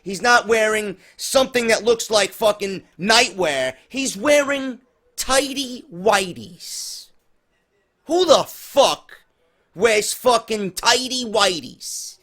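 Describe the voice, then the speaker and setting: A man's voice: high-pitched, lively intonation, slow, fairly bright tone. A man ranting through a profane, sarcastic review of a wrestling show, exasperated and mocking. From New York.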